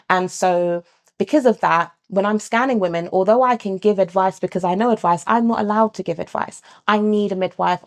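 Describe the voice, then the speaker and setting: A British woman, a midwife and founder of a sonogram service, talking in a lively conversational interview and acting out other people's voices. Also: fairly low pitch. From England. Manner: animated, acts out other people's voices in quotes.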